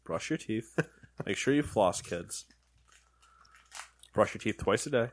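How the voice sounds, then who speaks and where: A man's voice: on the low side, expressive, slow. A man hosting a casual snack-tasting chat, laid-back and joking. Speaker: host.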